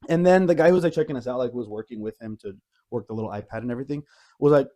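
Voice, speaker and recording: A man co-hosting a casual podcast, telling a lively story with many fillers and frequent laughs. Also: medium pitch, rapid-fire. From Arizona. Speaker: podcast co-host. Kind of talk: casual chat.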